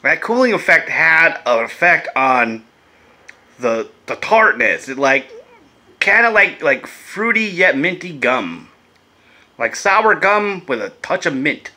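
A man's voice: fairly high pitch, big pitch swings, slow, pushed and bright. A laid-back man chatting casually and swearing as he reviews vape gear in a vlog, coughing now and then.

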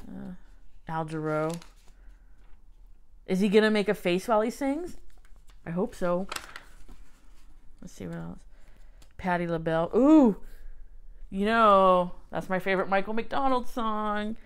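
A woman hosting a casual podcast, reading through an old music magazine and commenting wryly, with self-mocking asides and excited exclamations. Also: medium pitch, a little slow, pauses often, clean tone. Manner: wry, self-mocking, exclaims over finds. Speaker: podcast host.

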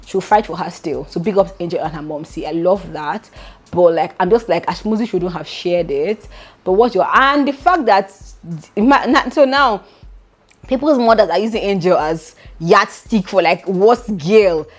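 A woman's voice: lowish voice, moderate pace. A Nigerian woman hosting a gossip vlog, chatting animatedly and dropping into pidgin asides. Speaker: gossip vlogger. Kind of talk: casual gossip chat.

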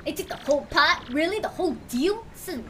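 A woman's voice: extremely high pitch, animated, fast, a bit bright, far from the mic, a little hiss or hum. A woman doing a whiny, mopey bro-dude chef. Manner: melodramatic, mopey.

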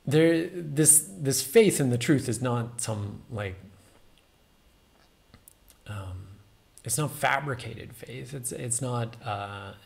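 A man's voice: mid-range voice, animated, slow pace, gravelly, pauses often. A man giving a casual, musing meditation talk, full of fillers and small self-amused laughs.

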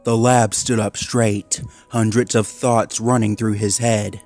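A man narrating a dark fan story in a steady, measured reading. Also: on the low side, soft background music.

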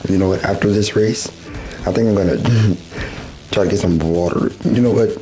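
Hoarse low-voiced man commenting on a race game. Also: moderate pace, over music, low-quality recording. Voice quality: rough, smoker-like. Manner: chatty, laughs often, exclaims at the race. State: hoarse, voice going out. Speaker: gaming channel host. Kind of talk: casual gameplay commentary.

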